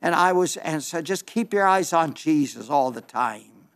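High-voiced earnest male preacher. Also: expressive, fairly bright tone. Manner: earnest, pleading, with slow drawn-out emphases. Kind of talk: sermon.

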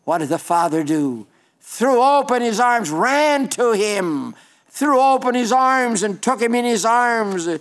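An older man preaching a sermon in a folksy storytelling way, slowing down for emphasis. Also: very high-pitched, animated, fairly bright tone.

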